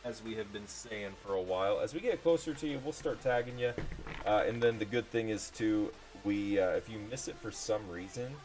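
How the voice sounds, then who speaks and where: Chatty low-voiced man on a livestream. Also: fairly even intonation, moderate pace, darkish tone, faint music behind. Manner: rambling and chatty, heavy on fillers. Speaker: livestream card seller. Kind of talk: casual livestream chat.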